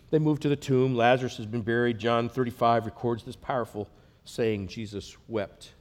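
Male pastor, mid-pitched, earnest sermon delivery with swells and hushes. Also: steady tone, normal speed. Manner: earnest, swells loud then drops to a hush.

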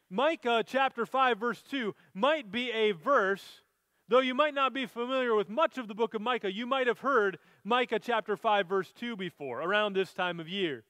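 Pastor, male, high voice, earnest sermon delivery, dry close sound. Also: sharp tone, no echo. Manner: earnest, reads scripture aloud then explains it.

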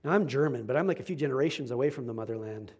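A man's voice: medium pitch, expressive, rapid-fire, darkish tone, slightly rough. A male pastor preaching a sermon in a conversational, emphatic way, with self-deprecating asides.

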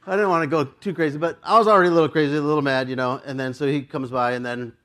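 A male pastor telling a story in his sermon, animated and self-mocking and often laughing. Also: a little high, rapid-fire.

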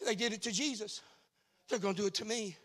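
High-voiced Cajun preacher with a sing-song cadence. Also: male voice, quick pace. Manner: sing-song preaching cadence, swings from quiet asides to shouting. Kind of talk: sermon.

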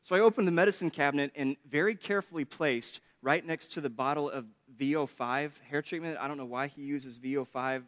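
A man's voice: on the high side, fairly quick, few pauses, a bit bright. A man preaching a sermon in a chatty, joking way, laughing often between points. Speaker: pastor. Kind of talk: conversational sermon with humor.

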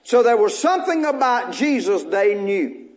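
A man preaches with a strikingly high voice. He throws questions to the congregation and repeats short lines again and again, with folksy jokes along the way. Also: sing-song, moderate pace. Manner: folksy, joking asides. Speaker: pastor. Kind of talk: sermon.

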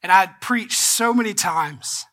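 A male pastor delivers a sermon with a bright, ringing tone. He tells a personal story, often dropping to a soft, choked-up voice before rising into earnest exhortation. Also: high-pitched, slow.

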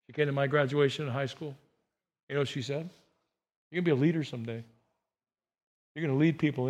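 A middle-aged man preaching a personal, story-driven sermon, talking conversationally and moving between loud emphatic bursts and soft, hushed asides. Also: fairly high pitch. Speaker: pastor.

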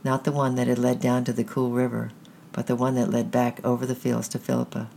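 Un narrador de cuentos infantiles con voz algo áspera y grave, que lee en voz alta con calma y un ritmo mesurado, como quien cuenta una historia antes de dormir. El tono se mantiene en un registro medio, con un leve ruido de fondo en la grabación. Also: medium pitch, creaky, a little hiss or hum. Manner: measured, gentle storytelling pace. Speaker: storyteller. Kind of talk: reading a children's story aloud.

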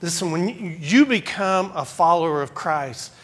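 A male pastor preaching a sermon. He swings between loud, emphatic lines and quieter asides. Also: on the high side, animated, normal speed.

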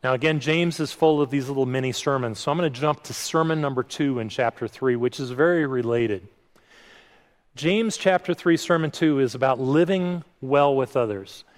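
Conversational male pastor in a reverberant hall. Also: medium pitch. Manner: conversational, self-deprecating, frequent restarts and quoted asides. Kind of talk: sermon.

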